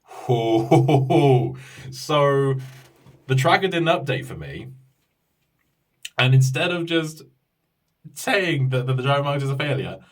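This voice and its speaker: A man's voice: mid-range voice, very animated, a little slow, long pauses, a bit bright, far from the mic. A man telling a frustrated story in a casual vlog rant, stumbling and restarting as he swears about his ordeal. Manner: exasperated, swearing, many restarts and quoted voices.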